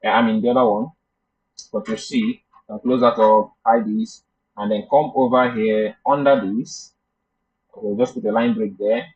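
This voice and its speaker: A coding instructor with a lowish, darkish, slightly rough voice runs a live class, thinking aloud while he debugs and chatting with students. His tone stays steady and his pace moderate. The recording is muffled and lo-fi.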